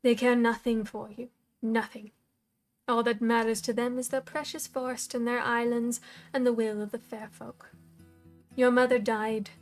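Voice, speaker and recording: A woman reading aloud and voicing a cold, scornful older woman who acts as a dark mentor, speaking in a low, hushed, commanding way. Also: level tone, normal speed, soft background music, close to an everyday voice.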